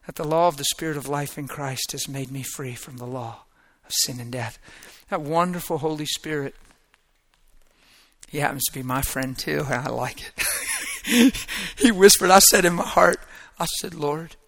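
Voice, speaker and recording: Bright-voiced man preaching a testimony. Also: on the high side, huge pitch swings, normal speed. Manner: emotional storytelling, swinging from hushed prayer to loud exclamation. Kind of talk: sermon testimony.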